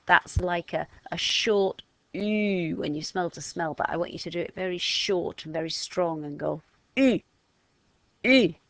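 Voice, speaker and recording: A woman's voice: lowish voice, steady tone, normal speed, vocal fry, dry recording, poor audio. A woman teaching a step-by-step lesson to children, patiently demonstrating each sound with an action. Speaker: language teacher.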